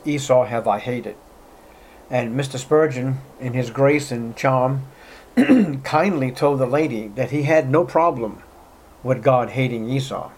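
A male preacher delivering an expository sermon, emphatic, addressing listeners as beloved and often clearing his throat. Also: mid-range voice, a little mellow. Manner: emphatic, rising sharply on rhetorical questions.

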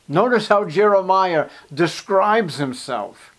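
Male preacher with a high-pitched voice, emphatic, addressing the congregation directly. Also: expressive, a little slow, hardly any pauses. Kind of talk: sermon.

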